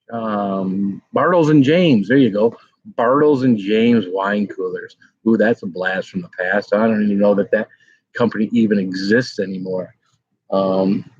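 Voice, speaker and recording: A middle-aged man rambles through casual livestream chat at home, reading viewer comments aloud with plenty of ums and uhs. His voice sits in an ordinary middle pitch. The sound is dry and a bit dull, like a lo-fi home mic. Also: darkish tone, breathy edge, no echo. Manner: chatty, rambling, with many fillers. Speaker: livestream host.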